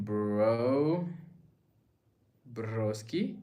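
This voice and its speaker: A man's voice: a little high, measured pace, a bit bright. A young man casually chatting on a livestream, reading viewer messages aloud and musing in a laid-back way.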